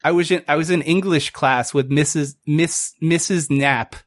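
Laughing podcast host, higher man's voice. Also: normal speed, no room sound. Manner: laughs often, swears freely. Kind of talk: casual chat.

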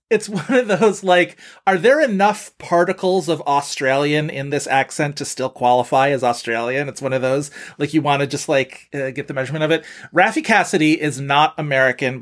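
A man co-hosting a casual film podcast, rambling with lots of filler words as he talks through movies. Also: on the high side. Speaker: podcast co-host. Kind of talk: casual film-review chat.

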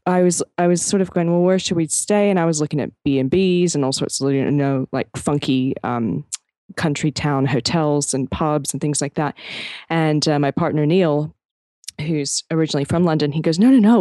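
A woman co-hosting a podcast, telling a story in a chatty, animated way with plenty of fillers. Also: sits low, moderate pace, no echo. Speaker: podcast co-host. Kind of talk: casual chat.

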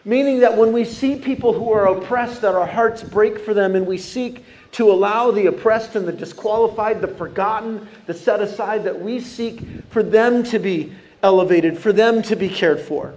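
A man preaching a sermon as pastor, animated and calling out questions to the congregation. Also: sits high, normal speed, a little hiss or hum. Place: church sanctuary.

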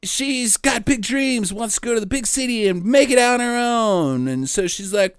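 A man's voice: very high voice, animated, moderate pace, few pauses, smooth, dry recording, studio quality. A man hosting a casual movie review podcast, sarcastic and swearing as he recaps a film. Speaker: podcast host.

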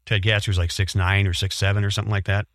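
A man co-hosting a casual chat, explaining in a measured way with frequent fillers. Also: on the low side, level tone, fairly bright tone. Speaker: podcast co-host.

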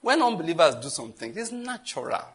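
A man with a Nigerian accent preaching a sermon as pastor, animated and telling stories with asides. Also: on the high side, fast, breathy edge.

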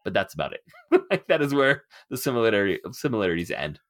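A middle-aged man hosting a casual podcast discussion, animated and laughing often as he acts out quotes. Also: on the low side, fast talker. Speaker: podcast host.

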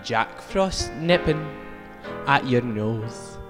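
A man's voice: mid-range voice, lively intonation, drawn-out words, long reverb tail, music in the background. A man talk-singing a Christmas carol in an exaggerated mock Scottish accent that slips into Irish, barely singing. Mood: crooning. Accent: mock Scottish drifting into Irish.

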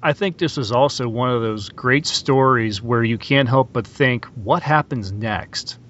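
Man, podcast co-host, casual, relaxed, filler words, dull recording. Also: mid-range voice, unhurried. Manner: relaxed, uses fillers, mimics actors' lines. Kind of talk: casual film discussion.

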